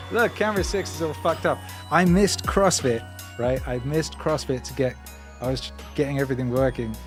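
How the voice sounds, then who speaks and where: A man hosts a casual livestream from his home studio, speaking into a stand-mounted mic at a medium pitch and normal speed, rambling jokily with playful asides as he reads viewer comments aloud. He's a musician, and music plays behind him, while the sound carries the reverberant quality of a large hall.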